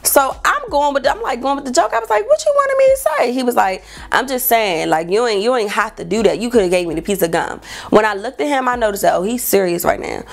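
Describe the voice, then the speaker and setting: A young woman, telling a dating story vlog and acting out quotes in a high voice. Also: expressive, brisk, gravelly, hardly any pauses. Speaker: vlogger.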